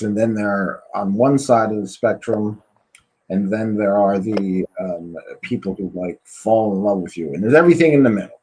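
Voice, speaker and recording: A man's voice: on the low side, darkish tone, husky, rough recording. A man hosting a podcast interview, telling frank stories in casual chat with many fillers. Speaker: podcast host.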